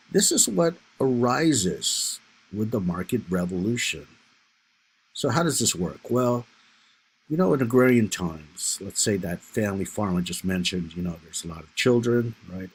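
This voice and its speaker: A man with a deep, low voice that has a husky, slightly rough grain delivers a history lecture over slides. He talks casually, filling his points with "you know" and "right?", and sounds like he is speaking straight to his students. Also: low-quality recording.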